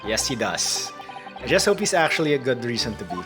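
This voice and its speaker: A man's voice: medium pitch, big pitch swings, brisk. A man streaming a video game, reading its dialogue aloud and tossing in wry, joking asides. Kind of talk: casual playthrough narration. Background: game music.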